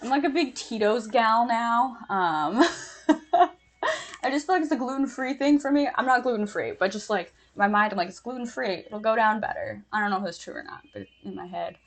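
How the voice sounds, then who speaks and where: A woman's voice: fairly high pitch, a little fast. Casting: young woman, chatty and giggly, streaming her makeup routine in casual chat. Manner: chatty, giggly, lots of fillers.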